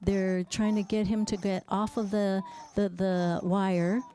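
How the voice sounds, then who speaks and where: A woman speech-language pathologist giving a parent education class, narrating a video with lively exclamations. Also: medium pitch, takes it slowly. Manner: animated, exclaiming while narrating a video for kids.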